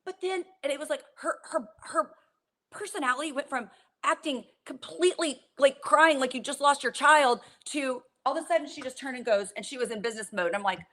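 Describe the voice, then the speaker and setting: A woman co-hosting casual reality TV commentary, exasperated and animated, laughing often as she vents. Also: high voice, a little fast. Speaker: co-host.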